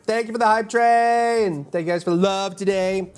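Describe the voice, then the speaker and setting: A man's voice: high voice, normal speed, clean tone, soft background music. A man streaming live, chatting casually with his viewers, rambling and humming or muttering to himself between thoughts. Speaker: full-time streamer.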